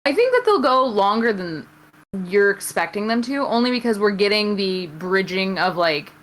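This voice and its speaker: A woman co-hosts a wrestling podcast in easy, casual chat. Her voice moves lively up and down as she drops in quick, wry remarks. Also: medium pitch, poor audio. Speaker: podcast co-host.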